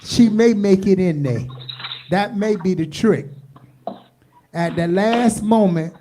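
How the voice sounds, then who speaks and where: A folksy woman hosting a community call-in radio show. Her voice is dark and mellow, and she talks in a loose, chatty, drawn-out way. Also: mid-range voice, a little hiss or hum. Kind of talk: casual call-in radio chat.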